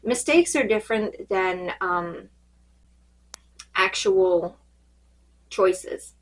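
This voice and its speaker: Woman, slightly hoarse fading voice, rambling card reading, halting, lots of ums, mid-pitched. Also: rough recording. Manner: rambling, halting, with many fillers. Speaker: tarot card reader. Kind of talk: casual spiritual check-in.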